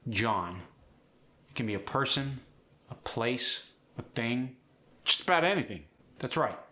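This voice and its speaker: Bright-voiced male accent coach. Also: mid-range voice. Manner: clear, instructive, demonstrates sounds. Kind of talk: accent tutorial.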